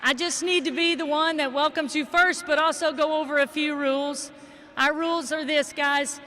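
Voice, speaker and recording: High-voiced emotional man welcoming graduates. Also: steady tone, moderate pace, a little hiss or hum. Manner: warm, emotional, affectionate toward students. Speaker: school administrator welcoming graduates. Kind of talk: ceremony welcome speech. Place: large stadium.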